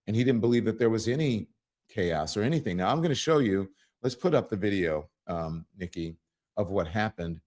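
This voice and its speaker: A man hosting an interview, asking probing questions gently, often restarting his sentences. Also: fairly low pitch, brisk. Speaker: interview host.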